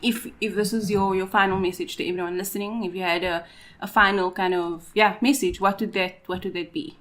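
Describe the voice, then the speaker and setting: A woman's voice: mid-range voice, steady tone, fairly quick, a bit bright. A woman hosting a podcast interview, friendly and supportive toward her guest. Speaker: podcast host.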